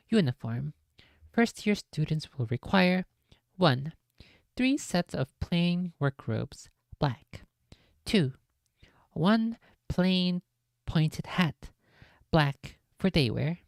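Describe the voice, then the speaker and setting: Low-voiced woman streamer reading aloud. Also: lively intonation, slow, gravelly, darkish tone, dry recording. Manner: casual, jokey, swears in asides. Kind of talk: live-stream read-aloud with asides.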